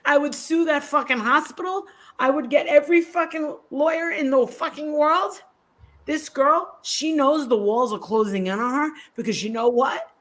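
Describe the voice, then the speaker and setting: A woman's voice: high voice, normal speed, fairly bright tone. A woman commentator on a casual livestream, ranting with outrage and heavy swearing.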